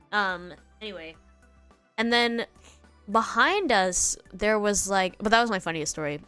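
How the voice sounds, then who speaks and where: A young woman from the United States chatting casually on stream, rambling and giggling and acting out quotes in a higher voice. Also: fairly bright tone, clean tone, no echo. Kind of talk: casual chat.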